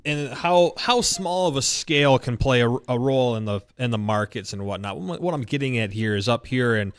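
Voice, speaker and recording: A man, a meteorologist co-host, asking a long question with halting restarts. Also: mid-range voice, lively intonation, smooth. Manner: halting, restarts while framing his question. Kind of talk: asking a question on a live show.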